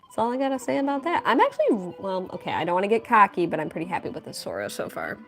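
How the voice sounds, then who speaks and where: A woman's voice: mid-range voice, big pitch swings, quick pace, fairly bright tone, faint music behind. A young woman chatting playfully with viewers as she draws on a live stream, answering questions and teasing her chat. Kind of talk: casual live-stream chat while drawing.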